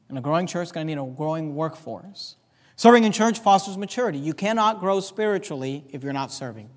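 A man preaching a sermon as pastor, reading scripture aloud with slow, emphatic stress in a church. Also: high voice. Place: church sanctuary. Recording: long reverb of a church hall.

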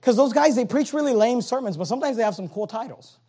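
Man, pastor, high voice, sermon, church, quiet then loud, repetitive, stammering restarts. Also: expressive, fast talker, slightly rough. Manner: swings from low, quiet talk to high, loud exhortation; repeats phrases, stammering restarts.

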